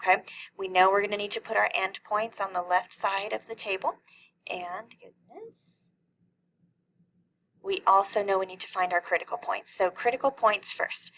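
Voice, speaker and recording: Woman, middle-aged, math teacher, calculus lesson, step-by-step explaining, answers her own questions, vocal fry. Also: medium pitch, fairly even intonation, brisk, fairly bright tone, slight background noise, low-quality recording.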